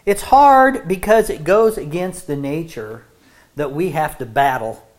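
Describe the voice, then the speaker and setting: A woman with a fairly low voice delivers a sermon at an unhurried pace. She talks in an earnest, conversational way, repeating words as she restarts her thoughts and pushing up to emphatic points. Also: animated, a little mellow. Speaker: preacher.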